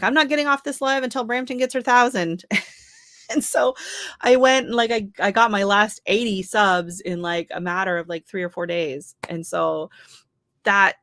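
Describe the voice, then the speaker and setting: Woman, livestream host, chatty, laughs a lot, reads out chat, bright forceful voice, dry close sound. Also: lowish voice, no room sound. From Canada. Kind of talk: casual livestream chat with viewers.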